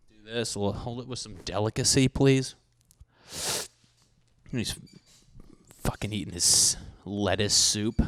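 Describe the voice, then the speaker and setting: A man's voice: on the low side, a little slow, pauses often, no room sound. A young man hosting a podcast, ranting profanely and animatedly in a solo comedic monologue, often mocking people in put-on voices. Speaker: podcast host.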